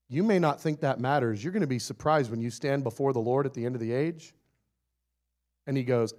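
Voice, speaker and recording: A man's voice: mid-range voice, a little fast. A man preaching a sermon with lots of energy and humor. He acts out short scenes in different voices and laughs often between his points. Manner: animated and playful, acting out little scenes, often laughing.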